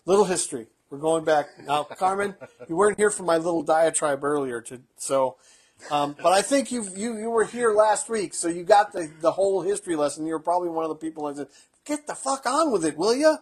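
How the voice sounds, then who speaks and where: Husky-voiced man, crude bartender banter. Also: fairly high pitch, fairly quick. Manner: blunt and crude joking, explains drink facts in a lecturing way. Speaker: co-host, bartender. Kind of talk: casual chat.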